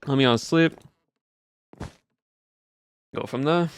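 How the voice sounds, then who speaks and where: A man's voice: medium pitch, slow, clear, resonant tone. A game streamer chatting casually with viewers in a put-on Southern US drawl, easygoing as he plays. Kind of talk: casual live-stream chat while playing.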